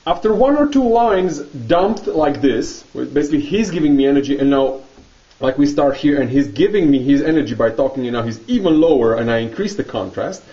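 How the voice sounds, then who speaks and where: A man vlogging, telling a story in a casual, animated monologue and laughing often. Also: medium pitch, a little fast, distant mic, highs cut off.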